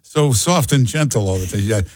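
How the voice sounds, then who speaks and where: A man's voice: medium pitch, animated, moderate pace, a little mellow, dry recording. A man hosting a call-in radio talk show, emphatic and joking, repeating himself for effect.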